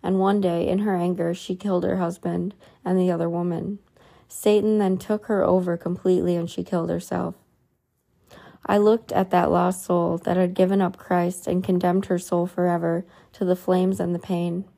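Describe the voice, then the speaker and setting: A woman reading a religious book aloud in an earnest tone, adding soft asides of her own. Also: on the low side, little pitch movement, normal speed, vocal fry.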